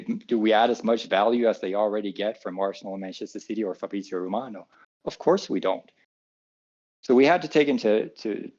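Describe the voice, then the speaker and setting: Earnest low-voiced man, muffled. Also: a little mellow. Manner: earnest, defensive, repeats words. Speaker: club co-owner answering fan questions. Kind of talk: live Q&A.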